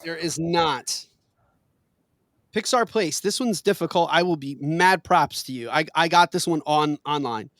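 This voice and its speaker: A man's voice: fairly high pitch, a little slow, a bit bright, no room sound, studio quality. A man hosting a casual trivia game, reading questions with playful emphasis and laughing often. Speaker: quiz host.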